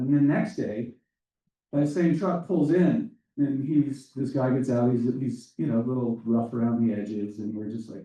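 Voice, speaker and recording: A man in his fifties giving welcoming remarks at a conference, telling a personal story in a halting, thoughtful way. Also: medium pitch, creaky, warm tone. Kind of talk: public speech with a personal story. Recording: echoey room, voice from a distance.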